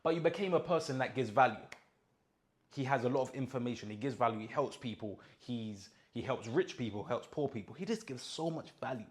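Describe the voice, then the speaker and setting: A man's voice: medium pitch, expressive, a little fast. A young man giving a casual motivational monologue, emphatic and full of slang, often checking in with his listener. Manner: emphatic, repeats points and checks in with "do you understand?". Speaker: mindset content creator.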